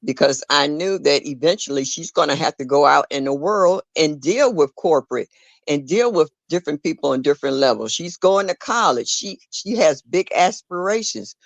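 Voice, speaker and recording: A woman's voice: low-pitched, lively intonation, moderate pace, dry recording. Dry-sounding grandmother telling a story. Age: older. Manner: storytelling, earnest, with frequent restarts and laughs. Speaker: caller in a live audio discussion. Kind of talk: casual chat.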